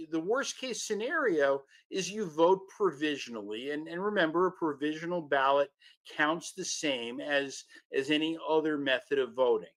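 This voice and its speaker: Brisk male political news editor. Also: on the high side. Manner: brisk, informational, repeats words. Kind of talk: radio politics segment.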